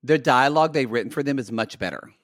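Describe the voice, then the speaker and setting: A man's voice: medium pitch, lively intonation, fast, a bit bright. A man co-hosting a reality TV podcast, teasing his co-host and swearing freely in casual chat.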